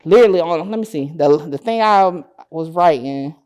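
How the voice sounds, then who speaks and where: A woman's voice: low-pitched, moderate pace. A woman guest on an interview show who covers court cases, telling a story casually and acting out what people said, swearing freely. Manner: animated, acts out dialogue, swears freely. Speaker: interview guest, court-case content creator.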